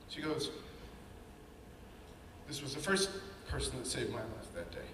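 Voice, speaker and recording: A man's voice: mid-range voice, measured pace, pauses often, background noise. A man giving an earnest, candid talk about his own life, acting out the voices in his head as he tells it. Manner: candid, earnest storytelling with quoted inner voices. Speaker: speaker sharing his story. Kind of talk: personal testimony talk. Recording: echoey hall, mic at a distance.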